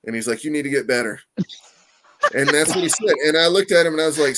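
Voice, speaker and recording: A man telling a story in a casual interview, animated and profane, acting out quoted voices and laughing often. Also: a little high, quick pace, a little hiss or hum. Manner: animated, profane, lots of "you know what I mean". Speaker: comic artist guest.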